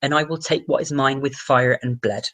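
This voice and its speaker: A man voicing a grand young male prince with a put-on West Country accent, declaiming slowly and mock-pompously. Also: mid-range voice, steady tone, a bit bright, lightly acted. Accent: West Country English (put on).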